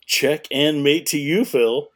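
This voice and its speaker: A man's voice: a little high, slow pace. A man co-hosting a podcast in casual chat, agreeable and often laughing. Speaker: podcast co-host.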